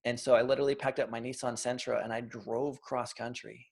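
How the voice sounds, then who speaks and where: A man in his thirties tells his story as an interview guest, slipping into the voices of the people he quotes. His voice has a gravelly fry at mid pitch, and he often restarts his sentences as he talks. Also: fairly quick. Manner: animated storyteller, acts out quotes, frequent restarts.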